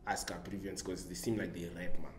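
A man's voice: low-pitched, fairly even intonation, fairly quick. A man on a casual group chat panel, talking in a joking, rambling way and breaking into laughter. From Namibia. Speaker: podcast panelist. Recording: echoey room with faint background noise.

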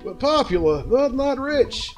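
A broke, showy stage performer, as a gamer puts him on. The delivery is slow and announcing with a lively pitch. Game music plays faintly behind. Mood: boastful.

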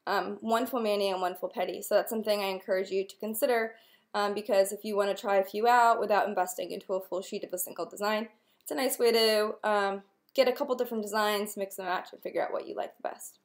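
A young woman talking casually to camera as a nail wrap consultant, chatty and upbeat, with lots of filler ums. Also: mid-range voice. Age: young adult. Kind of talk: casual direct-to-camera vlog.

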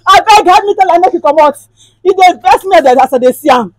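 A woman's voice: very high voice, lively intonation, fairly quick, dry recording, rough recording. A woman playing a furious, heartbroken Nigerian mother. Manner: shouting, sobbing and scolding. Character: heartbroken, furious mother rejecting her returning daughter. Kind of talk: Nigerian skit acting.

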